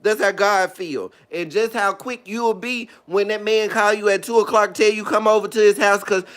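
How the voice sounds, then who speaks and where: Animated video host, male, a bit high-pitched, talks faith in a chatty casual way. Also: normal speed. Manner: animated, chatty, calls listeners honey and girl. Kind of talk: casual talk about faith to viewers.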